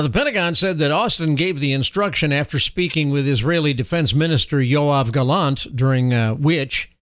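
A man hosting political commentary, reading news items in a formal, steady way and breaking off into sarcastic, scornful remarks. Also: fairly high pitch, no room sound. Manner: sarcastic, scornful asides with chuckles; reads official text in a steady, formal delivery.

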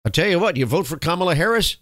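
A man's voice: fairly high pitch, expressive, rapid-fire, background noise. A man hosting a radio talk show, delivering a combative, insulting political monologue.

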